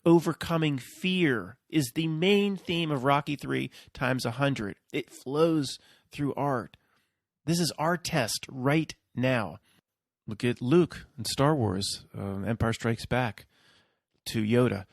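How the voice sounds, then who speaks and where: A man's voice: a little high, animated, moderate pace, creaky, dry recording, studio quality. A man hosting his own video, talking in a rambling, casual monologue and often checking in with his listeners. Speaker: video host.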